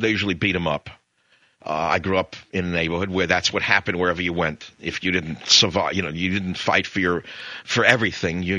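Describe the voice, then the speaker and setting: A man's voice: deep voice, sharp tone, dry recording, dull audio. A middle-aged American man hosting a talk radio show, retelling a story in a rambling, emphatic way with opinionated asides. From United States.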